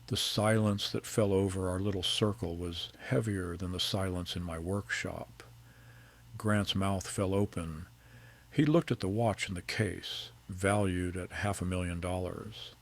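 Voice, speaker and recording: A middle-aged man narrating a first-person story. His voice is very low and gravelly. His delivery is calm, measured and precise. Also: dry recording.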